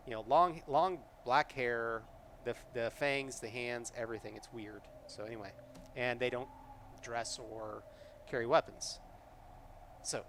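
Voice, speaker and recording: A man runs a solo tabletop game live, reading the adventure text aloud and talking to his chat in between. He rambles, restarts his sentences and leans on lots of fillers, at an ordinary pitch for a man. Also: a bit bright, slight background noise.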